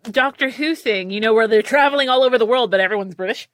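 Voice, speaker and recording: An animated woman hosts a casual podcast chat in a bright, forward voice. She laughs easily and slips into quoted dialogue as she tells stories. The sound is dry and close, with no room echo. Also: fairly high pitch, fast. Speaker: podcast host; voice actor and script supervisor.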